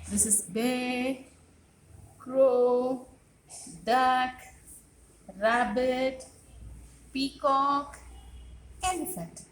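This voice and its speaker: A woman with a high voice leads a preschool class. She speaks in a sing-song, coaxing way and repeats each question to the children. Her voice echoes around a classroom over a faint background hiss. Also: fairly bright tone. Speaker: preschool teacher. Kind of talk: classroom teaching to young children.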